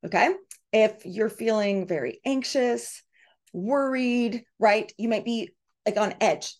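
A woman's voice: on the high side, slow. A middle-aged woman hosting a coaching session, reading out participants' comments and acting out quoted voices. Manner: animated, reads out group comments, acts out quoted voices. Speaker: podcast host and coach. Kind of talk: coaching talk to a live group.

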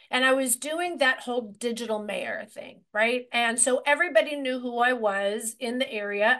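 A woman in her forties, a real estate agent, telling her story in an interview with lots of restarts and energy. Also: a little high. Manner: energetic and rambling, many restarts.

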